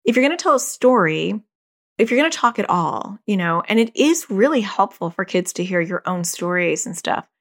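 A woman's voice: medium pitch, big pitch swings, moderate pace. A middle-aged woman therapist and parent giving casual advice, telling stories with animation, laughing and acting out quoted voices.

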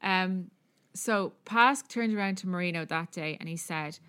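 A woman's voice: on the low side, unhurried, hardly any pauses, a bit bright, clear, resonant tone. Chatty Irish woman telling a story. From Ireland. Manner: chatty, profane, many fillers. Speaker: podcast co-host. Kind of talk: casual storytelling chat.

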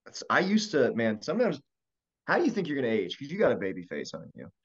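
A man's voice: huge pitch swings, fast, husky, lo-fi sound. A man from Maryland who is a comedian, co-hosting a podcast in a rambling, self-interrupting chat. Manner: rambling, self-interrupting, drops pitch when telling stories. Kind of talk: casual chat.

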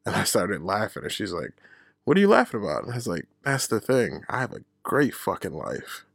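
A man hosts his own podcast and tells a personal story in a relaxed, profane way. His voice is low and gravelly, and it swings up and down as he acts out the people he quotes. The sound is dry and close, with no room echo. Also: a little fast. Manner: profane, candid, laughs at himself. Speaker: podcast host. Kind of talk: casual storytelling monologue.

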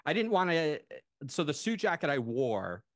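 A man in his thirties chatting on a podcast, telling a long story with enthusiastic, animated asides. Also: a little high, moderate pace, dry recording, clean studio sound. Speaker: podcast co-host. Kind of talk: casual chat.

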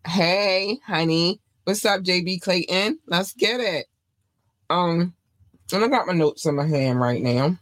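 Woman, laid-back unhurried pace, rambling host chat, gum in her mouth, dry close sound. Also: on the low side, dry recording. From Baltimore, United States. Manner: loose and rambling, repeats words; chewing gum while talking. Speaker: show host. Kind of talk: casual livestream chat.

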